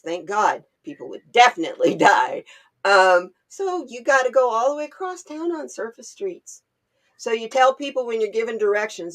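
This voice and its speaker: A woman from Oregon joins a casual livestream conversation. She tells lively stories and laughs often between remarks. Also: a little high. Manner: animated storyteller, laughs often. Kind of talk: casual chat.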